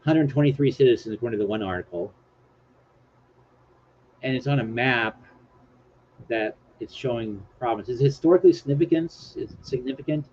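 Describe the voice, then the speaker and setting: A man hosting a casual live stream, rambling along and poking fun at himself as he reads bits off his screen. His voice sits at an ordinary middle pitch. The audio is dull and lo-fi, with a faint hiss underneath. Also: normal speed, pauses often, darkish tone. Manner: rambling, self-mocking, reads from screen aloud. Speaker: livestream host.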